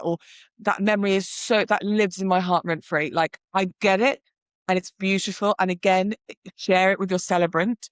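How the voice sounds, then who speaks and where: A woman's voice: mid-range voice, moderate pace, no echo. Chatty woman hosting a podcast. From United Kingdom. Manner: chatty and animated, acting out example vows. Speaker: podcast host and wedding celebrant. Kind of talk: casual advice monologue.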